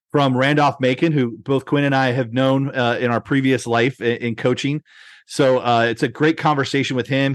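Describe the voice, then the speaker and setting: A man's voice: mid-range voice, no echo. A man hosting a podcast in casual chat, rambling with many restarts and fillers. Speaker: podcast host.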